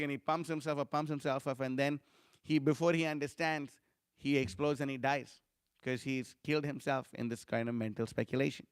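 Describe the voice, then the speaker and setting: A man giving an informal scripture lecture, talking conversationally with frequent fillers and animated storytelling. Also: fairly high pitch, clear, resonant tone, no echo, clean studio sound. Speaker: scripture class speaker.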